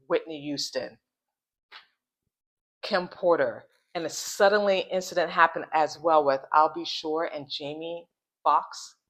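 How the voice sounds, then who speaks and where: A woman hosting a casual commentary vlog, rambling along, repeating phrases and restarting sentences, and slowing down to spell out hard words. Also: low voice, a bit bright. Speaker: channel host.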